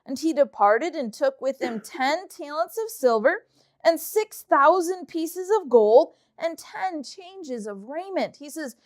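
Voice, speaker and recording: A high-voiced woman teaches a children's Bible lesson. She reads scripture aloud and retells it in lively, casual storytelling. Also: slow.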